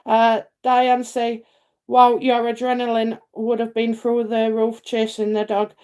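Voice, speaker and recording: A woman's voice: on the high side, completely flat delivery, unhurried, darkish tone, smooth. A middle-aged woman from England hosting a live psychic stream, chatting in a rambling way full of fillers and repeats. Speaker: psychic livestream host. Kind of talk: casual livestream chat and readings.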